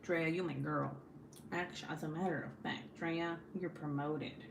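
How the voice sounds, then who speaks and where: Her voice sits low and sounds gravelly, holding a steady tone at a moderate pace. She's a young woman hosting a crafting stream at home, chatting casually with plenty of swearing, bluntness, and laughter, against a noisy background in an echoey room.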